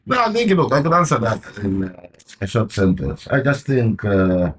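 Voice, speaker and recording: A man with a Zambian accent talks loosely and at length in an interview. His voice sits fairly low. He rambles, padding his thoughts with fillers. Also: big pitch swings, moderate pace. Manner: rambling, with many fillers and "you know". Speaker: guest, comedian and MC. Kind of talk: casual interview chat.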